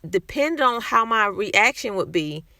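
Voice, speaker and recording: A woman's voice: medium pitch, expressive, normal speed, sharp tone, no room sound, clean studio sound. A woman talking candidly to camera in a casual vlog, speaking conversationally and restarting her sentences often. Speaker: vlogger sharing personal experience.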